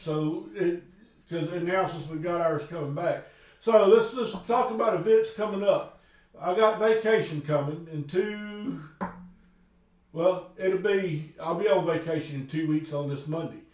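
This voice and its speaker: A man's voice: fairly high pitch, a little slow, darkish tone. A man with a Texan accent, chiming in on a casual live stream in a laid-back way. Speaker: paranormal investigator co-host. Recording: very echoey, distant from the mic.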